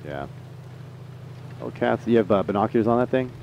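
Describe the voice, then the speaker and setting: A man streaming a tank game live, chatting excitably to teammates and viewers. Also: medium pitch, normal speed, creaky, highs cut off, a little hiss or hum. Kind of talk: live gameplay commentary.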